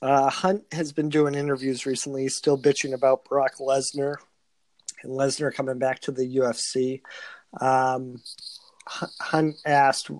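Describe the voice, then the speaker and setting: A man's voice: mid-range voice, little pitch movement, a little slow, no echo. A man co-hosting a podcast, running through fight news in a matter-of-fact way. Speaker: podcast co-host. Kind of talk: casual news rundown.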